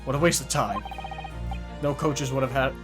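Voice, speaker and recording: Brief: gruff road-worker juror, offhand and blunt, voiced by a man. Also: medium pitch, moderate pace, close to an everyday voice. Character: plain-spoken working man juror, blunt. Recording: game music behind.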